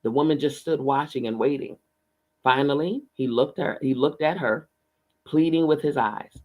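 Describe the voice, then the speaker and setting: A man reading a novel aloud in a measured, steady storytelling manner. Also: fairly high pitch. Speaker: book reader.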